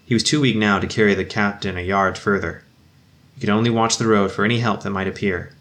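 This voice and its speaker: A man reading a war story aloud in a measured, solemn way. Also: on the low side, steady tone, fairly bright tone. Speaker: narrator. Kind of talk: audiobook reading.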